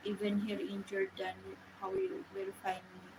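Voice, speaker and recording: A woman chatting casually with viewers on a live stream, speaking halting English with many restarts. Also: mid-range voice, completely flat delivery, background noise. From Philippines. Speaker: livestream host.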